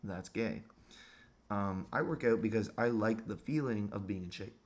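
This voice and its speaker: A man's voice: on the low side, normal speed. A man delivering a crude, sarcastic monologue rant as a vlogger.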